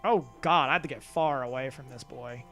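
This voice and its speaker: A man's voice: medium pitch, a little fast, a bit bright. A man streaming a video game live, chatting casually with viewers in a rambling, self-deprecating way and swearing now and then. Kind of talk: casual live gameplay commentary. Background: faint game music.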